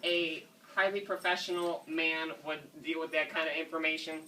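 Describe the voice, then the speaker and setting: On a prank call, a man plays a fussy, indignant father, rambling on and repeatedly addressing the manager as "sir." His voice is a little high, bright and forceful with little pitch movement at a moderate pace, picked up by a distant mic with faint noise.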